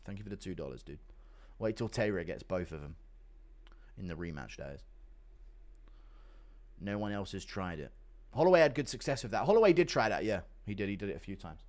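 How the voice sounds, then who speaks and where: A young man chats on a livestream in a loud, crude, mocking way and laughs often. His pitch swings up and down as he talks. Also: big pitch swings, brisk, long pauses. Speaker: livestream host reading donations. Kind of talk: casual livestream chat.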